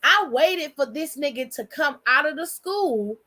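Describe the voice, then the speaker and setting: Young woman spinning a story, blunt and cussing a lot, high bright voice, super animated. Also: a little slow. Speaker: host. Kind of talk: casual storytelling.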